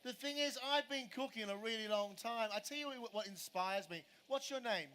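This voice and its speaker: A man's voice: high-pitched, moderate pace, bright, forceful tone. A middle-aged man giving a live cooking demonstration on a show stage, chatting with audience members and answering their questions. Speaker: celebrity chef doing a live cooking demo.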